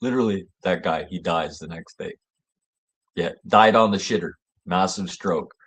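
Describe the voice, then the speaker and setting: A man with a lowish voice hosts his own show, telling a long story off the cuff. He rambles and swears freely. He laughs often, and his voice leaps up high whenever he gets worked up. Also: normal speed, breathy edge. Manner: rambling and profane, laughing, voice jumping high when excited. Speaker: show host. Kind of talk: casual storytelling monologue.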